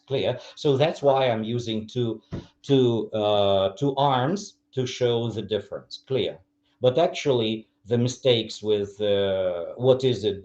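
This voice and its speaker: Slow ukrainian-accented guy teaching english, mellow dark voice, keeps asking clear?. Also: mid-range voice, highs cut off. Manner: repeats example phrases with exaggerated intonation, asks "clear?". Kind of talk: lecture to teachers.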